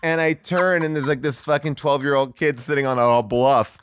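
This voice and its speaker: Animated middle-aged man telling a story. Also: on the high side, normal speed, background noise. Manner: animated storyteller, swearing, many fillers. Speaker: guest. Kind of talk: casual chat.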